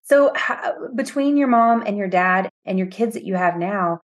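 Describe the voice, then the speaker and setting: A woman's voice: medium pitch, expressive, moderate pace. A woman hosting a podcast, asking reflective, thoughtful questions in a casual conversation. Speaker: podcast host.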